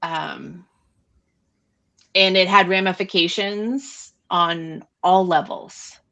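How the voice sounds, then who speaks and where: Woman podcast co-host, low-set bright voice, casual and quick with fillers. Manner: animated, quick recapping with frequent fillers. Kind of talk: casual book discussion chat.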